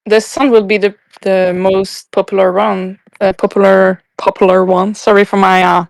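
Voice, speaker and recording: A woman's voice: mid-range voice, level tone, normal speed, creaky, dry recording. A woman with a French accent, a native French speaker, chatting as a podcast guest, hesitant and searching for words. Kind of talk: casual chat.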